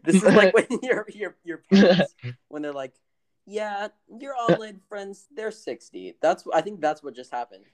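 A woman's voice: lowish voice, animated, normal speed. A woman co-hosting a casual podcast, telling a rambling story with lots of restarts. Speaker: podcast co-host. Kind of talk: casual chat.

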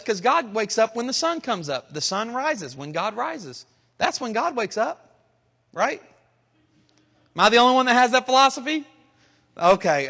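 A man pastor preaching a sermon, rising into emphatic, dramatic lines and pausing between phrases. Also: sits high, pushed and bright. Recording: long hall reverb.

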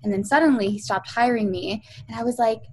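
A woman's voice: a little high, fairly quick, slight background noise, poor audio. A young woman, a music video producer, chatting in a casual interview and telling stories with lots of fillers and acted-out quotes. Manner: chatty storyteller, many fillers, acts out quotes.

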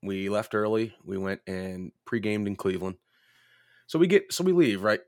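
Low-voiced man swearing through a story. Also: normal speed, darkish tone, dry recording, clean studio sound. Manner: profane, rambling anecdotes. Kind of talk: casual storytelling chat.

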